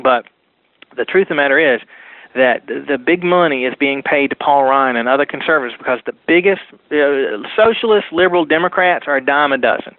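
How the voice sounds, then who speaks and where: A man's voice: mid-range voice, brisk, no echo. Talk radio caller, man, insistent and repetitive, phone-line sound. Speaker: political activist guest. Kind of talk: political talk radio interview.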